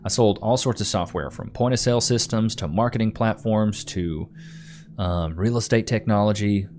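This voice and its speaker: Here a livestream host in his thirties talks at a moderate pace, his voice on the low side and a little mellow. He's laid-back and full of slang, casually responding to comments and calling people bro and dude.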